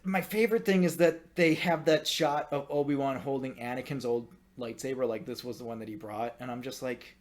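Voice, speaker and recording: A man co-hosting a podcast in casual chat, animated and exasperated, swinging from loud outbursts to low muttering and swearing freely. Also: brisk, few pauses. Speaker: podcast co-host.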